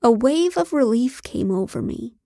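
Woman narrator, wry and deadpan, slightly high voice, dry studio recording. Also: moderate pace, dry recording. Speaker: audiobook narrator. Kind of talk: first-person comic novel narration.

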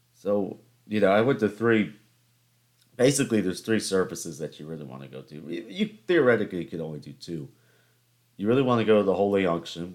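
Deep-voiced young man rambling casually. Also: darkish tone. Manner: halting, lots of fillers and restarts. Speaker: podcast host.

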